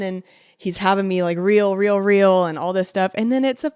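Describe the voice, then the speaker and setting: A woman's voice: medium pitch, moderate pace, clear, resonant tone, no room sound, clean studio sound. A woman in her thirties co-hosting a podcast, telling stories in casual chat, laughing often and acting out what others said. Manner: animated storyteller, laughs often; acts out quoted speech. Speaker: podcast co-host.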